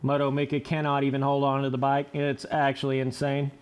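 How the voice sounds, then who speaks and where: A young man giving casual, excitable commentary over motocross gameplay, laughing and trash-talking as he rides. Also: mid-range voice, brisk, smooth. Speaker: gaming commentator.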